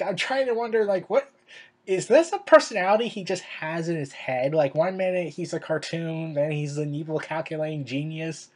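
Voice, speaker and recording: A man's voice: on the high side, a little mellow. A young man giving casual commentary in a video, rambling and full of filler words. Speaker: video creator.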